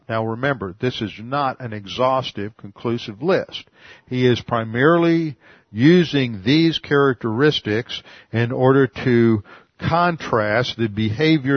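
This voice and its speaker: A man's voice: medium pitch, no echo, dull audio. A man giving a verse-by-verse Bible teaching, methodically explaining Greek words one at a time.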